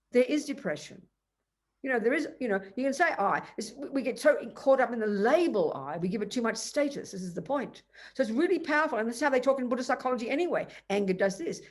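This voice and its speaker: Animated older woman giving a dharma talk. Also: on the high side. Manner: animated storytelling with emphatic asides. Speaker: Buddhist teacher. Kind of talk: dharma talk to a retreat audience.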